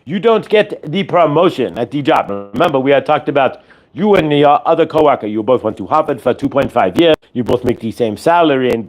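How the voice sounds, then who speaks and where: A man's voice: medium pitch, darkish tone. Man giving a channeled spiritual talk. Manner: speaks as a collective "we", repetitive and instructive. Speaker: spiritual channel and show host.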